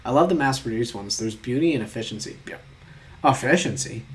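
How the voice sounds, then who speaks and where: A man's voice: medium pitch, lively intonation, fairly quick. Young man musing over quiz answers. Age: 20s. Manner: talks through quiz answers aloud, musing and joking; mock-exasperated, with casual swearing. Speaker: vlogger taking online quizzes. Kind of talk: casual commentary.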